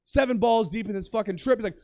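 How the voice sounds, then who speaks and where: On a comedy club stage, a young man performs stand-up, telling a profane, animated story that erupts into shouted impressions. He talks fast in a high voice.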